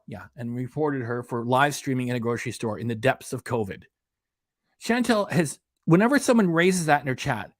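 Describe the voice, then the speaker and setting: A man's voice: mid-range voice, no echo, clean studio sound. A man hosting a reaction channel, ranting in an indignant, emphatic way and hammering home his points. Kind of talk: casual commentary rant.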